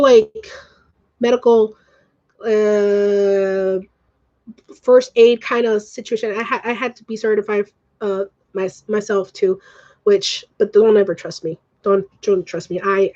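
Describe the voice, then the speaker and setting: A woman vlogger ranting in casual chat, rambling and swearing, swinging quickly between feelings. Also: mid-range voice, steady tone, mellow, highs cut off. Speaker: live-streaming vlogger.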